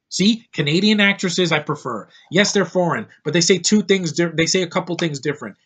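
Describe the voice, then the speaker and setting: A young man talking casually to camera in a home video, opinionated and excitable, ranting about what he likes and hates. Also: high voice, fairly quick. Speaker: movie collector vlogger. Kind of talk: casual movie haul vlog.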